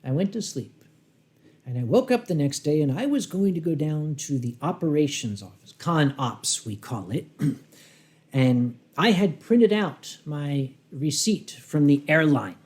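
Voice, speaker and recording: A man telling a humorous story live, dry and wry, with dramatic pauses, acting out his own rehearsed lines and clearing his throat often. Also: a little high, lively intonation, a little mellow. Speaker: convention storyteller.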